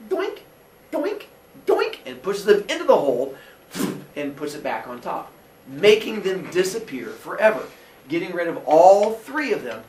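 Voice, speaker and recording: Animated man telling a myth in a roomy room. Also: a little high. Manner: animated, jokey, acts out characters in quick voices. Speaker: teacher. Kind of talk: comic storytelling lesson. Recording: roomy echo from far off with faint noise.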